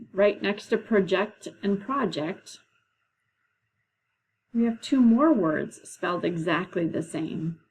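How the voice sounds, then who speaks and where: A woman teacher leading a classroom lesson, explaining patiently and slowly, with frequent "okay"s. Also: mid-range voice, a little mellow, slightly rough, rough recording. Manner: slow, patient, drawn-out explanations.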